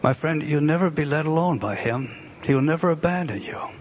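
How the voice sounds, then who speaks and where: A man preaching a sermon, explaining the meanings of words and swinging between emphatic raised passages and hushed, drawn-out repetitions. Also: on the high side, animated, slight background noise.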